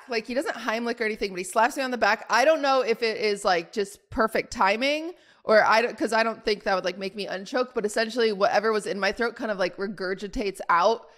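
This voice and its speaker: A young woman co-hosting a podcast, telling a story in a rambling, animated way full of "like". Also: fairly high pitch, fairly quick. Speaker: podcast co-host. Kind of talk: casual chat storytelling.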